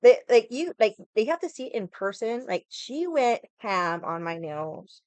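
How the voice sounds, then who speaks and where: A woman's voice: a little high, big pitch swings, measured pace, darkish tone, smooth, no room sound. A young woman chatting casually with viewers on a livestream, rambling, swearing freely and laughing often. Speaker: livestream vlogger.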